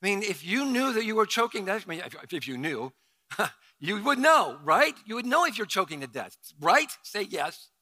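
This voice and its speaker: Speaking at normal speed in a high voice, a middle-aged pastor relates a story in his sermon. He acts out the quoted lines with animation and bursts suddenly into loud outcries.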